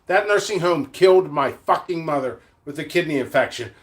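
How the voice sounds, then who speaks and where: A man's voice: a little high, lively intonation, normal speed. A middle-aged man who sells seeds, ranting angrily in a vlog with a lot of profanity, blunt and rambling. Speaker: seed vendor. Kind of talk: vlog rant to camera.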